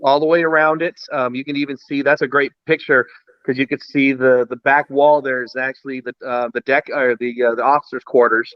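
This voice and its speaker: A man's voice: mid-range voice, brisk, no room sound. A man, a guest, casually telling an anecdote and acting out the voices of the people in it. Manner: animated, acts out quoted voices. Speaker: guest storyteller. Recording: dull lo-fi sound.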